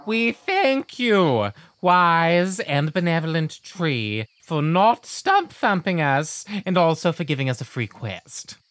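A woman's voice: low voice, sing-song, takes it slowly, few pauses, no room sound, exaggerated voice. A woman voicing a sarcastic, bumbling cartoon adventurer who trades dry wisecracks. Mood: wisecracking.

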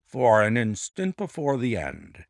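A man doing a grave calm doctor, brief answers, gravelly low voice. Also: unhurried, no echo, clean studio sound.

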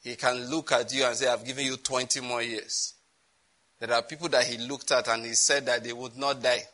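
Bright-voiced man preaching, laughing often. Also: mid-range voice, little pitch movement, normal speed, rough recording. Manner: laughs often while preaching, chatty asides. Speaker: pastor. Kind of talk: sermon.

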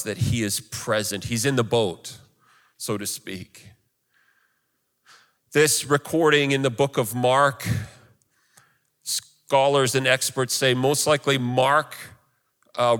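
A man's voice: medium pitch, fairly bright tone, smooth, big-room sound. A male pastor preaching a sermon in an earnest, conversational way.

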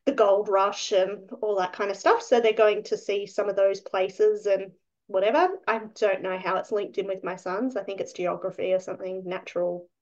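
A woman's voice: medium pitch, level tone, normal speed, a little mellow, highs cut off. A woman from Australia with an Australian accent, co-hosting a podcast in a rambling, chatty way. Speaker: podcast co-host. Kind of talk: casual podcast chat.

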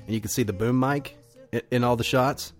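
A man's voice: medium pitch, brisk, faint music behind. A man co-hosting a film podcast, telling long rambling stories in casual chat, laughing often and swearing freely. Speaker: podcast co-host.

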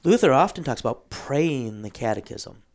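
A man hosting a casual theological discussion, explaining a book at length with frequent ums and throat clearing. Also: medium pitch, sing-song, moderate pace.

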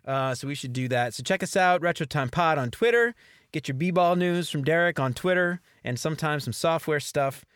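A man's voice: a little high, lively intonation, moderate pace, fairly bright tone, clear, resonant tone, no echo, clean studio sound. A man co-hosting a casual podcast, talking in a laid-back, playful, chatty way. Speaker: podcast co-host.

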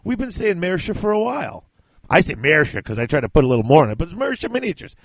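A man co-hosting a podcast with a fairly high voice that swoops up and down as he talks. He is animated and laughs a lot. The sound is dry, with no room echo. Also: quick pace, gravelly. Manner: animated, laughs often, acts out movie quotes. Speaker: podcast co-host. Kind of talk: casual chat.

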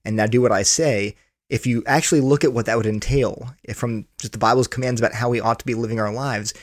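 A man's voice: mid-range voice, steady tone, fast talker, no room sound. Guy being interviewed about his book, earnest, explains w stories, dry close sound. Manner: earnest, explains with stories, repeats words while thinking. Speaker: author and guest. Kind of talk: conversational interview answer.

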